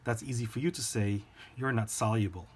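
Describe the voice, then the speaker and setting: A man's voice: on the low side, brisk, a little hiss or hum, lightly acted. A man voicing a panicking male polar bear as he tells a joke. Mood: panicked.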